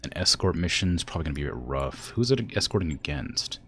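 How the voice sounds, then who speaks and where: A man's voice: very deep voice, sing-song, quick pace, a bit bright, slight background noise. A man streaming a strategy game, chatting casually and laughing often.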